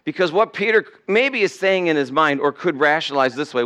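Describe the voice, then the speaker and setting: A man's voice: a little high, lively intonation, a little fast, hardly any pauses, bright, forceful tone. A male pastor preaching a sermon in a conversational way, now and then acting out the people in the story. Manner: conversational preaching, acts out quoted voices. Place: church sanctuary.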